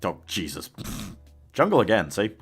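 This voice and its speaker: A deep-voiced man talks his way through a live gaming stream, chatty and quick to laugh as he answers viewers. He is ill and coughs between lines. Faint music and keyboard typing run underneath. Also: sing-song. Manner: chatty, laughs often, reads out viewer messages.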